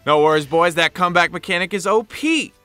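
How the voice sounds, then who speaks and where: A man voicing a manic, hyped-up male game announcer who yells and cackles taunts, heard as a played sample. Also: high-pitched, fairly quick, clean tone, dry recording, soft background music, pitched above the performer's own voice. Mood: manic taunting. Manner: wild yelling, cackling, taunting.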